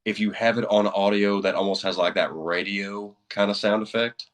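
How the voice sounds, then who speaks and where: Deep-voiced man, relaxed and halting. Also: poor audio. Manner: relaxed, halting, lots of fillers. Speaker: guest voice actor. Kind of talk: casual livestream chat.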